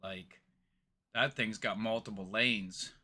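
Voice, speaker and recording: A man's voice: fairly low pitch, fairly even intonation, takes it slowly, pushed and bright. A man from Ontario, Canada, hosting a reaction video, talking casually and rambling with lots of hesitations. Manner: rambling, hesitant, many fillers. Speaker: reaction channel host.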